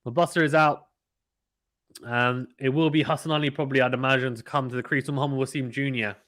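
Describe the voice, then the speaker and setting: A man from the United Kingdom hosts a casual cricket watchalong at a mid-range pitch. He chats easily, reads out viewers' comments, and his voice lifts when a big shot is played. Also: quick pace. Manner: chatty, reads viewer comments aloud, gets excited at big shots. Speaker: host reading live chat.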